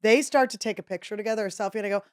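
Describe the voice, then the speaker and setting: Podcast host lady, chatty, jumps way up in pitch doing other people's lines. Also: very fast. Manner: animated, acts out quotes in a high voice. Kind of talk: casual storytelling chat.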